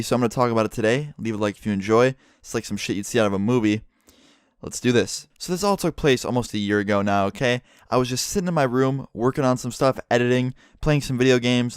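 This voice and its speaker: A young man telling a story to his vlog audience in an excitable, profane way, from his room at home. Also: mid-range voice, fast talker, clear, resonant tone, no room sound, studio quality. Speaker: vlogger.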